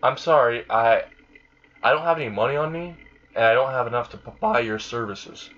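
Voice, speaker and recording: A man doing a deadpan lonely teenage boy. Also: mid-range voice, brisk, highs cut off, lightly acted.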